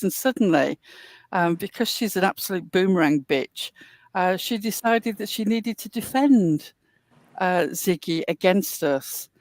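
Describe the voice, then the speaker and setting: A woman's voice: mid-range voice, a little mellow, no room sound. English woman, stream co-host, blunt sweary put-downs, dry close sound. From England. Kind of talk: casual live-stream commentary.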